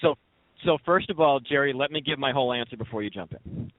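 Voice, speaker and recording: A man's voice: mid-range voice, fast, no echo, phone-quality sound. A man speaking as a recruiter guest on a panel, earnest and explaining at length with fillers. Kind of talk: panel discussion.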